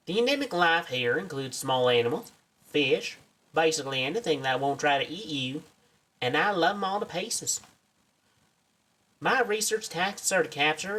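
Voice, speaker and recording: A man voicing a chipper female field researcher in a put-on Southern accent, reading game lines aloud in a high, sing-song, gushing way. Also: bright, forceful tone, recorded from a distance, full character voice.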